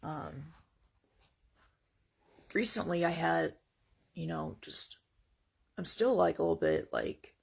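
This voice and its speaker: A woman's voice: low voice, wildly swooping pitch, slow pace, gravelly, long pauses, a little mellow, breathy edge. A woman talking earnestly and hesitantly in a casual personal monologue, full of fillers and restarts. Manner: hesitant, rambling, many fillers; faith-centered, earnest. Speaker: vlogger sharing personal reflections.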